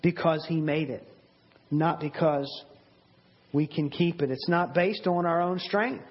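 Earnest preacher man with a husky voice. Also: a little high. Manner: earnest, emphatic, with repeated words and slow stresses. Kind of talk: sermon. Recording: dull lo-fi sermon audio.

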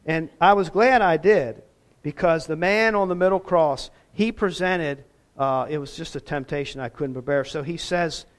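A pastor delivering a sermon, his voice sitting a little higher than most men's. He talks in an easy, conversational way and drops self-deprecating asides between points. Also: normal speed.

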